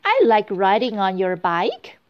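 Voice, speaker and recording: A woman voicing a tiny, gentle fairy-tale girl in a high, sweet, earnest voice for a storybook reading. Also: huge pitch swings, a little slow, dull audio. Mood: wistful.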